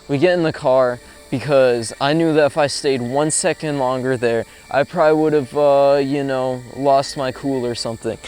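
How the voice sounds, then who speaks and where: Young male vlogger, mid pitch, chatty and profane, outdoor camera-mic sound with light music behind. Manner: profane, animated storyteller with frequent fillers. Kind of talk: casual storytelling. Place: outdoors in a rural spot with insects.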